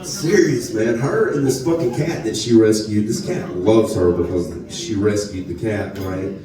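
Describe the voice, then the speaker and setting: A man's voice: lowish voice, a little slow, recorded from a distance, a crowd in the background. A man with a North Louisiana Southern accent doing a live stand-up set, telling crude, profane stories full of asides. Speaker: stand-up comedian. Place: comedy club stage. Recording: echoey club room, voice from off mic.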